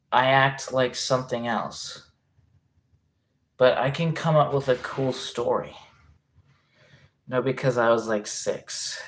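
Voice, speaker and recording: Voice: medium pitch, fairly bright tone. A livestreamer chatting casually and reading out chat messages, rambling with many restarts and frequent swearing. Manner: rambling, self-interrupting, reacting to chat messages; swearing freely.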